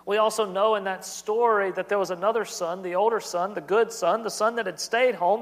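An earnest man in his thirties delivers a sermon with a notably high voice. He preaches in a repetitive, building cadence, and his words ring out with a long reverb, as in a church sanctuary. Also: steady tone, fairly quick, hardly any pauses. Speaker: pastor.

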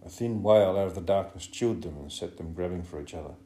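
A man reading a novel aloud as an audiobook narrator, in a measured, grave manner. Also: low voice, dark tone, slight background noise. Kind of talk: scripted narration. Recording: roomy echo.

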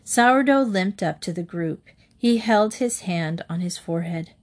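A woman narrating a children's western storybook in a steady, expressive reading. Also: lowish voice, measured pace. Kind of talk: storybook read-aloud.

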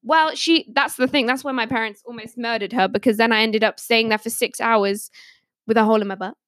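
A woman's voice: fairly high pitch, fairly even intonation, a little fast, a bit bright, no echo, studio quality. A young woman on a podcast panel, casually telling stories and laughing often as she talks. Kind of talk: casual storytelling.

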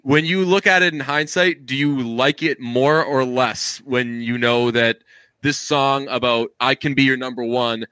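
Male podcast host, bright mid-pitched voice, dry close sound, sarcastic and playful. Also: fairly even intonation, clean tone, dry recording. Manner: joking and sarcastic, quick asides, frequent laughs. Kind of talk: casual podcast chat.

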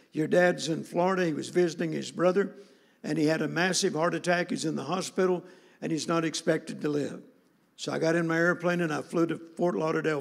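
Male preacher, raised voice, gravelly edge, earnest halting sermon storytelling, long hall reverb. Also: a little high. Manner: earnest, halting storyteller with many restarts and fillers.

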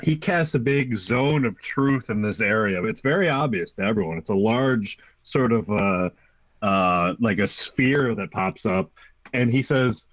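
A man describing actions in a tabletop game, slow and hesitant, with a lively pitch. The sound is roomy and a bit dull. He sounds relaxed.

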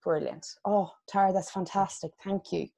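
A woman's voice: medium pitch, fairly even intonation, moderate pace, creaky, mellow. A woman hosting a podcast interview who keeps her guest going with encouraging replies. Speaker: podcast host.

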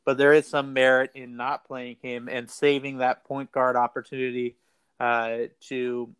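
A man's voice: mid-range voice, little pitch movement, measured pace, fairly bright tone, clear, resonant tone, no echo. A man hosting a casual fantasy basketball talk show, rambling and repeating words as he thinks. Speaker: fantasy basketball podcast host. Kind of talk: casual sports betting chat.

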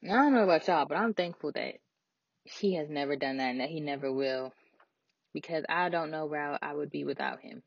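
Casting: young woman, low voice, earnest faith talk, dry dull recording. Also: fairly quick, no echo. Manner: earnest and conversational, many fillers. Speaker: christian vlogger.

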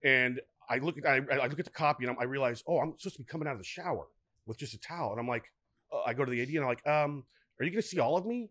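A middle-aged man, a guest actor, telling lively anecdotes in casual podcast chat, often acting out what people said. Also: mid-range voice, very fast. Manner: animated, lively anecdotes with frequent restarts and acted-out quotes.

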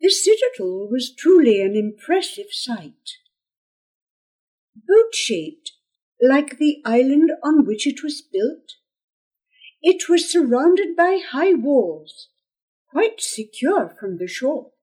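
A woman narrating a fantasy audiobook in a slow, expressive storytelling manner. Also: high voice.

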